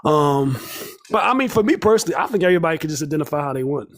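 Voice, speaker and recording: A man in casual podcast chat, earnest and halting, stopping often to find his words. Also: fairly high pitch, lively intonation, fairly bright tone. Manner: halting, many fillers, earnest.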